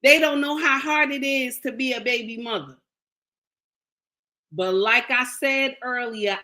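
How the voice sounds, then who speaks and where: A woman with a high, bright, forceful voice delivers a relationship advice monologue straight to camera. She talks in an unhurried way, blunt and preachy, hammering her points home by repeating them, with slangy scolding. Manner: emphatic, preachy, repeats lines for emphasis.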